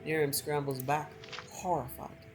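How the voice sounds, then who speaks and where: A woman gameplay streamer reading a story aloud from a game in a measured, expressive way. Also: sits low, music in the background, low-quality recording.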